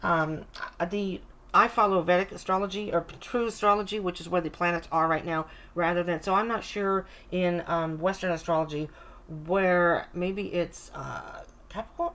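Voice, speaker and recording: A woman's voice: fairly low pitch, fairly bright tone. A middle-aged woman doing a casual tarot reading to camera, chatty and reassuring, often interrupting herself. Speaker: tarot reader.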